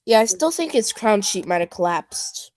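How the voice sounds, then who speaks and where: A woman's voice: medium pitch, sing-song, moderate pace, a little mellow. A woman in casual stream chat, rambling with lots of fillers. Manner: rambling, filler-heavy, nerdy train talk. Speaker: stream co-host.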